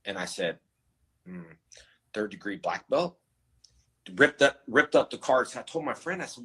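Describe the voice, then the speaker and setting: A man casually telling stories in an interview, animated and acting out the voices of people he quotes. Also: lowish voice, normal speed, slightly rough, low-quality recording. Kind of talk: casual storytelling.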